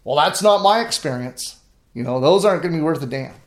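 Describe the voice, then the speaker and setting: A man's voice: fairly high pitch, lively intonation, normal speed, echoey room, pitched above the performer's own voice, lightly acted. A man doing his blunt old farmer uncle. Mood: dismissive. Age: 80s. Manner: blunt, gruff.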